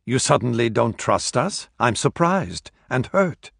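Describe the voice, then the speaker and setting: A man's voice: medium pitch, very animated, measured pace, vocal fry, a bit bright, husky, no room sound, heavily acted. A man reading an audiobook voices a sly male conspirator who speaks with dry, mocking irony. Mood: sardonic.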